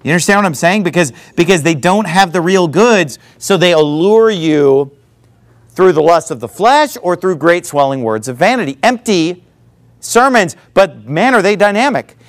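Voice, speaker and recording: Animated high-pitched male preacher. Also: moderate pace. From not from the American South. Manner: animated, mocking impressions of other preachers. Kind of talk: sermon.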